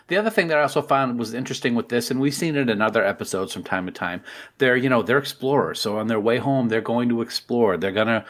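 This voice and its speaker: Male podcast co-host, mid-pitched voice, casual and enthusiastic, laughs easily. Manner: enthusiastic, laughs often, wonders aloud.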